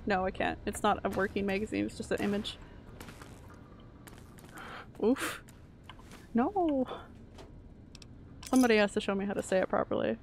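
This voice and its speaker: A young woman from Canada chatting and reacting loudly while streaming a game. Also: mid-range voice, level tone, a little fast, gravelly, pauses often, a little hiss or hum. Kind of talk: live game stream commentary.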